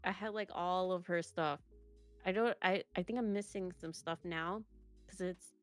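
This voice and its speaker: A young woman talks as an interview guest, her voice a touch lower than most. She rambles, restarting and stacking fillers as she goes. Soft music plays faintly behind her. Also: steady tone, normal speed. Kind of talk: casual chat.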